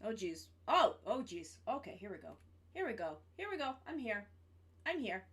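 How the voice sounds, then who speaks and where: A woman's voice: medium pitch, sing-song, normal speed, slightly rough. A woman streamer chatting casually to her viewers, swearing freely and repeating her greetings. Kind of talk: casual live-stream chat.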